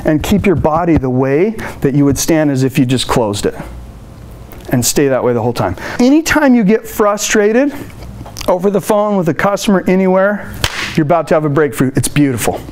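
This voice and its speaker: A man giving a motivational customer service training talk to a live room, energetic and playful, acting out phone calls. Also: a little high, moderate pace.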